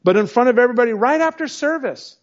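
A man's voice: very high-pitched, animated, fast. A middle-aged man preaching a sermon, speaking emphatically and telling stories straight to the congregation. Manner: emphatic, storytelling, addresses the congregation directly. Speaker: pastor. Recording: dull lo-fi recording.

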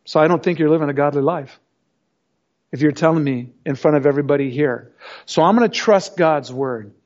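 A middle-aged pastor preaches a sermon in a slightly high, somewhat mellow voice, speaking fairly quickly. He's emphatic and tells stories while addressing the congregation directly, all captured on a dull lo-fi recording.

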